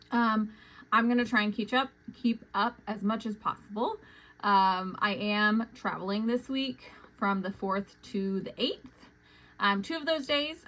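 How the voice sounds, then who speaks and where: A young adult woman, chatting casually about her cross-stitch projects, with lots of "um" fillers and quick, self-conscious talk. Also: medium pitch, pushed and bright, low-quality recording. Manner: chatty, many "um" fillers, says she talks fast. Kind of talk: casual chat.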